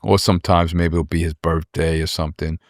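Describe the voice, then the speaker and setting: A man in his forties, guesting as a rapper in a casual interview, rambles through personal stories, repeating words and acting out others' speech. He speaks briskly in a low voice with fairly even intonation. The sound is clean studio audio without echo.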